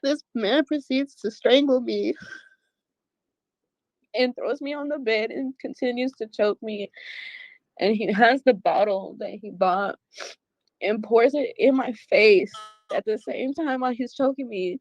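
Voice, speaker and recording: A woman giving a halting, shaken personal account, swearing as she talks. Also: on the high side, darkish tone, no echo. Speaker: woman telling her own story. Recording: dull lo-fi clip.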